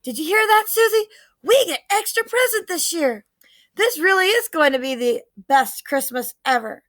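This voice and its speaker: A woman voicing an eager, excited young boy in a read-aloud storybook. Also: high voice, moderate pace, dry recording. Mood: thrilled. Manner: bouncy, eager.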